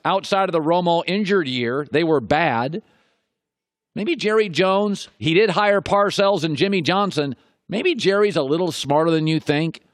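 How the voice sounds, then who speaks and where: Sports talk host, male, middle-aged, slightly high, animated and opinionated, repeats for emphasis. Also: no room sound, studio quality. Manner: emphatic, repeats points for effect, rhetorical questions.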